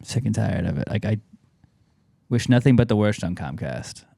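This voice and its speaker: A man's voice: fairly low pitch, lively intonation, moderate pace, creaky, warm tone, no echo. A man hosting a podcast in casual chat, grumbling and swearing freely. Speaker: podcast host.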